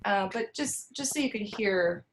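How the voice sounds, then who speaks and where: A woman's voice: mid-range voice, animated, unhurried, rough recording. A choir director with a Californian accent explains her teaching on a video call. She talks in a thoughtful way, with many ums and restarts.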